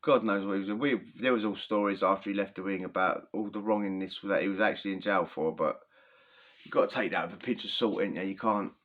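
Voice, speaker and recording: A man's voice: deep voice, fast talker, narrow, tinny audio. A young man casually telling a prison story, chatty and full of slang, often breaking into laughter.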